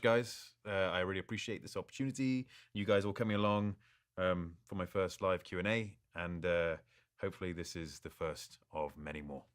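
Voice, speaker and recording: A man answering fan questions in a live Q&A, reading each question aloud and replying in a relaxed, good-humored way, often stumbling and restarting. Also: low-pitched. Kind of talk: live social-media Q&A.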